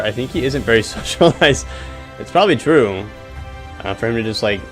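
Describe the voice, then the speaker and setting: A male game streamer talks casually to his viewers, cracking jokes as he plays. His voice is mid-pitched but moves around a lot. Soft music plays faintly behind him. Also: lively intonation, fairly quick. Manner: chatty, joking, addresses viewers directly. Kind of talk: casual gameplay commentary.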